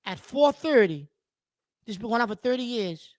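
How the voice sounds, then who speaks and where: A man's voice: very high voice, expressive, moderate pace, darkish tone, no echo. A middle-aged man co-hosting a casual podcast chat, telling his habits in a blunt, matter-of-fact way. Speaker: podcast co-host.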